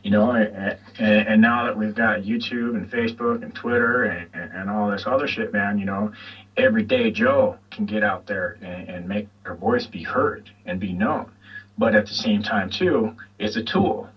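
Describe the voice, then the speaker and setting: A man with a low, husky voice rambles along in a laid-back, sweary way as a guest. He sounds distant from the mic, and the line is dull and lo-fi. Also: normal speed. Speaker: guest, YouTube channel host. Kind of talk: casual chat.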